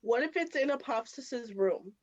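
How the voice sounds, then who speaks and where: A woman's voice: fairly high pitch, animated, normal speed, dull audio. A woman playing a tabletop game, thinking aloud and sometimes hesitating. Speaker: player.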